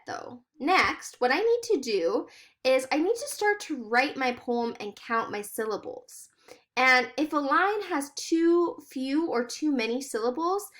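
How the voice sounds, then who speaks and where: A woman teacher giving a recorded lesson to fourth graders, explaining each step clearly and encouragingly. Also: high-pitched, a bit bright.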